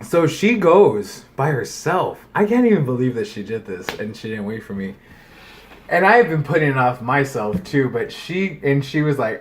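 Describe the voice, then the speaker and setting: A man's voice: medium pitch, moderate pace, slight background noise. A man co-hosting a casual podcast, telling a story with lots of swearing and acting out the people in it. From United States. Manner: animated storytelling, acts out quoted people, swears freely. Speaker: podcast co-host. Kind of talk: casual chat.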